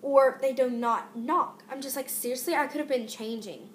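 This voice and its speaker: A woman's voice: high-pitched, moderate pace, reverberant, a little hiss or hum. A teenage girl vlogging a casual rant about pet peeves, exasperated and rambling with many fillers and restarts.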